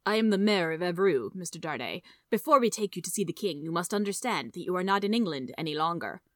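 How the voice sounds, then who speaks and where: A man's voice: high-pitched, lively intonation, fast, fairly bright tone, no room sound, clean studio sound. A woman voicing a stern, gloating middle-aged male mayor who accuses a prisoner in a storybook reading. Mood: accusing. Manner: accusing, mocking.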